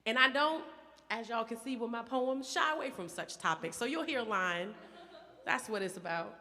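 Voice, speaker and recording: A woman from Baltimore performing spoken word poetry on a theater stage, a little hoarse from a cold, with a rhythmic, emphatic delivery that climbs to loud peaks. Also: a little high, normal speed. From Baltimore, USA. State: hoarse, getting over a cold. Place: theater stage before an audience. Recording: long theater reverb.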